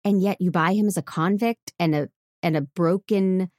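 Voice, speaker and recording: A woman's voice: fairly low pitch, normal speed, a little mellow, dry recording, studio quality. A woman co-hosting a casual movie podcast, speaking thoughtfully and choosing her words carefully. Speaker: podcast co-host. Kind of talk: casual chat.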